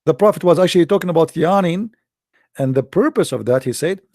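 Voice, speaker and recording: Gravelly man with a mocking tone. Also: fairly high pitch, lively intonation, fairly quick, darkish tone, no echo, clean studio sound. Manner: mocking, theatrical, with mock sneezes and sung lines. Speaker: online religious commentator. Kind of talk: sarcastic monologue.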